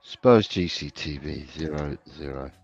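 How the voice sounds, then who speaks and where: A man co-hosting a casual live-stream podcast, briskly reading out viewer predictions. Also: rumbling low, a little mellow, faint music behind. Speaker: podcast co-host. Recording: dull, dry lo-fi sound.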